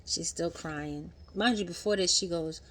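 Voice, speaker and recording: Chatty woman in her thirties, low-pitched. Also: a little slow. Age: 30s. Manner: chatty, animated, acts out quotes in higher voice. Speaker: vlogger. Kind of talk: casual commentary recap.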